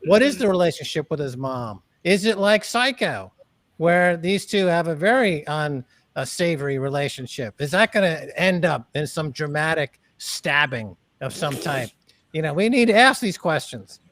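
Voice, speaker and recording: A man hosting a panel talk, ranting in a bombastic way and often breaking into shouts. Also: fairly high pitch, lively intonation, normal speed. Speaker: host.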